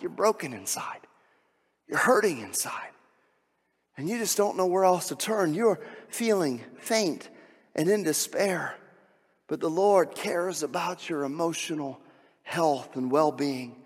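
Man, pastor, preaching, high voice, long hall reverb, hushed to shouting. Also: lively intonation, a little slow, slightly rough. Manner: swings from soft, hushed tones to loud, shouting emphasis. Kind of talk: sermon. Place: church sanctuary.

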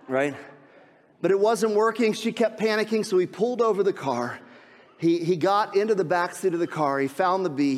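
A man preaching an Easter sermon as pastor, emphatic, repeating key phrases and dropping to hushed tones. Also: a little high, long reverb tail. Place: church sanctuary.

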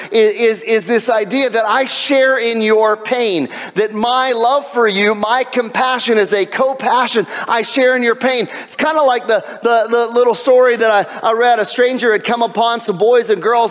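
A man preaching a sermon in an animated way, with jokes and asides. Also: very high-pitched, big-room sound. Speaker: pastor.

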